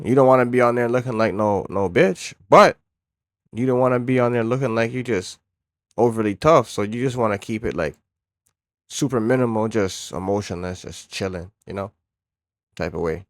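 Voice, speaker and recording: A man's voice: medium pitch, no echo, clean studio sound. A man reacting bluntly in casual commentary, swearing freely and using street slang. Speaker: co-host.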